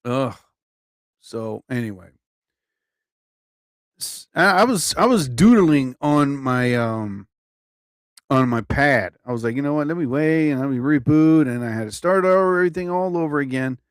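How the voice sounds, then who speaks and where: Talking through a phone or computer mic at home, TV on overhead, this comedian drifts from thought to thought in a rambling livestream chat, interrupting himself, swearing mildly and laughing at his own asides. He sounds a bit tired and yawns now and then. His expressive voice sits a little higher than most men's, at a normal speed, with a clean, close, dry sound and no room sound.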